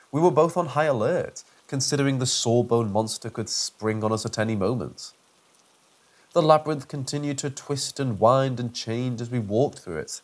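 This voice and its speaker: Man reading a first-person horror story. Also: mid-range voice.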